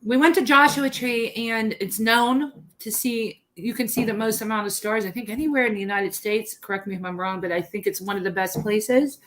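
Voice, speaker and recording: A woman's voice: fairly high pitch, fairly even intonation, normal speed, few pauses, a bit bright. A woman on a group video call, chatting with enthusiasm and some teasing. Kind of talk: casual group chat.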